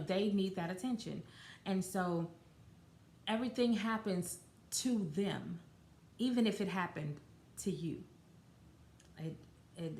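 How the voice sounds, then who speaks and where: A woman hosting a podcast on her own, talking in a loose, conversational way with lots of fillers and restarts. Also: medium pitch. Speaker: podcast host. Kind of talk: casual solo podcast talk. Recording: roomy echo.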